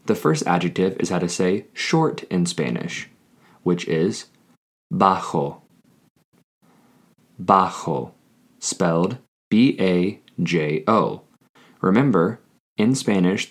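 A man hosting a scripted Spanish lesson, speaking deliberately and repeating each phrase for learners. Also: sits low, animated, slightly rough. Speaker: Spanish teacher.

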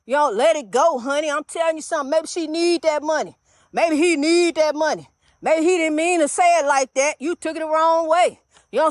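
High-voiced older woman minister preaching. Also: no room sound, studio quality. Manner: fervent, repetitive, calls listeners honey. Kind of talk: inspirational preaching monologue.

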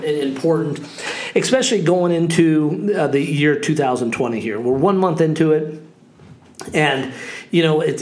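A man in his forties, a real estate agent hosting a podcast, talking in a casual, upbeat and rambling way with lots of fillers. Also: on the high side. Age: 40s. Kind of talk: casual monologue.

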